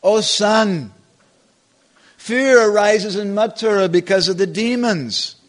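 A man voicing an aging cowherd king father, tender, soft-hearted and troubled, in a devotional story retelling. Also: sits high, slow pace, pitched above the performer's own voice.

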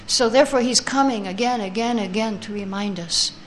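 A woman teaching a scripture class who chants verses slowly, then reads the translations and explains them, taking answers from her listeners. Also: fairly high pitch, slight background noise.

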